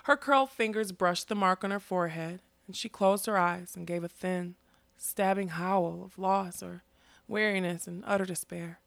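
A woman narrating a fantasy story in a steady, expressive reading. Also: on the low side, normal speed, vocal fry, no echo. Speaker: audiobook narrator.

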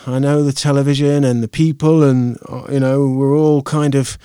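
Male podcast host, relaxed rambling delivery, even tone. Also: medium pitch, normal speed, smooth, no room sound, clean studio sound. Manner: rambling, chatty, loose, many fillers and restarts. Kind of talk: casual podcast sign-off. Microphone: podcast microphone.

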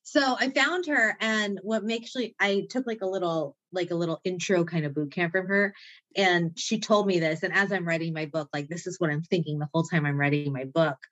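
A woman's voice: fairly low pitch, a little fast, fairly bright tone, lo-fi sound. A woman guest on a podcast, talking in an effusive, motivational way and laughing often. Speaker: author writing a self-care book. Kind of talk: enthusiastic conversation.

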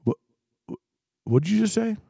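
A man's voice: high voice, very animated, normal speed, vocal fry, dark tone, slightly rough, dry recording, studio quality, pitched above the performer's own voice, full character voice. A man voicing an agitated, suspicious father on the phone who stammers and snaps defensively.

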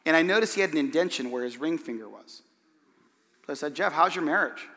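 Animated pastor, bright voice, big hall. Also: male voice, a little high, fast talker. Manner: animated, acts out the voices in his stories. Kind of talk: sermon storytelling.

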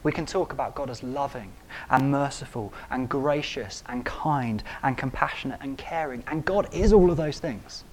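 Man preaching, emphatic and repetitive, builds to loud stressed peaks. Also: medium pitch, moderate pace, slight background noise. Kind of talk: sermon.

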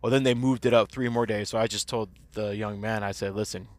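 A man's voice: on the low side, steady tone, a little fast, no echo. A man in his forties, a teacher, talking casually and candidly in a personal audio diary, rambling and swearing freely.

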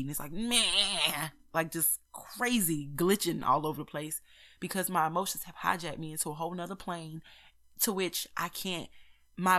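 A woman's voice: lowish voice, a bit bright. A young woman, talking candidly and playfully on a solo podcast episode. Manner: candid, chatty, playful asides. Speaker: podcast host. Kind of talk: casual solo podcast talk.

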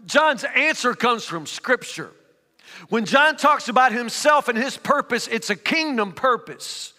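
A man's voice: extremely high pitch, expressive, unhurried, sharp tone. A man preaching a sermon, reading scripture aloud and then building to emphatic, rising preaching. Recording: reverberant hall.

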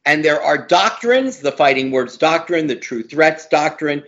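High-voiced emphatic man, lo-fi audio. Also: lively intonation, measured pace, fairly bright tone. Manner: emphatic, repeats words for stress. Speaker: law professor guest. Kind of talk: opinionated interview talk. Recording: dull lo-fi audio.

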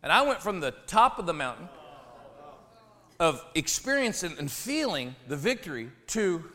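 A man, a pastor telling a funny personal story in a sermon, animated and jokey, dropping low then shouting. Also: moderate pace.

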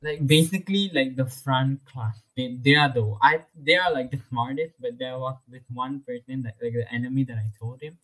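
Young man, casual interview, chatty, lots of fillers, laughs often, medium pitch. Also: moderate pace, hardly any pauses, a bit bright, low-quality recording. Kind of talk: casual personal story.

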